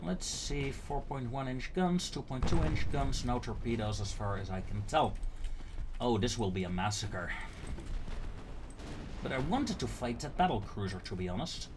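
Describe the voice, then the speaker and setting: A man's voice: mid-range voice, moderate pace, noisy background. A man casually commenting on his own strategy gameplay, thinking aloud with fillers and frequent laughter.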